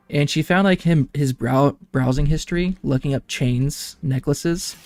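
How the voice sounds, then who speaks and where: A man's voice: a little high, moderate pace, a little mellow, no room sound. A young man and streamer telling rambling family anecdotes in casual chat, laughing often. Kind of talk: casual chat while gaming.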